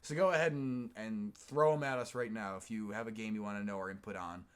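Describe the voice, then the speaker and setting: A man's voice: fairly low pitch, fairly quick, clear, resonant tone. Chatty man co-hosting a live chat. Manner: chatty, thinks aloud with many fillers. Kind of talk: casual live-stream chat.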